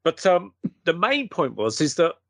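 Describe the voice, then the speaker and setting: A man, a guest, telling a long anecdote in a casual, animated way and acting out the quotes. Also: fairly high pitch, unhurried, no echo.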